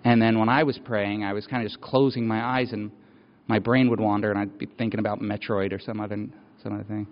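A man's voice: fairly low pitch, little pitch movement, a little fast. Man preaching in a reverberant hall. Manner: conversational, with repeated phrases and rising intensity. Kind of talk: personal sermon storytelling. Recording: dull, reverberant hall sound.

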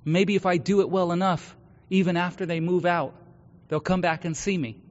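A man preaching a sermon, earnest, moving between hushed confession and loud exhortation. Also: sits high, fairly even intonation, normal speed. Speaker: pastor. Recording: dull lo-fi sound with long hall reverb.

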